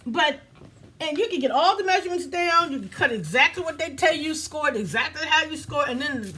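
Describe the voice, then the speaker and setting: A woman's voice: sits high, lively intonation, fairly quick, pushed and bright, a little hiss or hum. A woman hosting a casual crafting tutorial, chatty and self-laughing, talking straight to her viewers. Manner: chatty, laughs at herself, talks to viewers as y'all. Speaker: crafting video host.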